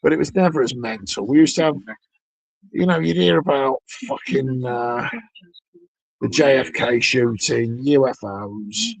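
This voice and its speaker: A man's voice: mid-range voice, animated, unhurried, vocal fry, no room sound, low-quality recording. A middle-aged British man streaming, rambling through a sweary, sardonic, digressive rant in casual chat.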